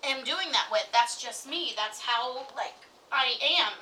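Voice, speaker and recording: A woman co-hosting a podcast, telling a story in casual chat, animated and laughing often as she acts out what others said. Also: fairly high pitch, a little slow, far from the mic, a little hiss or hum, rough recording. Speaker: podcast co-host.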